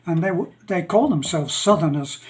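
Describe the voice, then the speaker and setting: An older man with a Northern English accent, telling jokes and stories in a rambling, chuckling way with many pauses. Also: on the high side, animated. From England. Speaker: channel host. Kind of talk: casual storytelling monologue.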